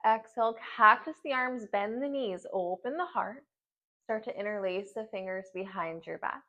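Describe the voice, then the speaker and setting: A woman's voice: mid-range voice, moderate pace, pushed and bright, dull audio. A woman leading a yoga class at home, giving short breath-paced cues while doing the poses and getting out of breath. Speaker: yoga instructor.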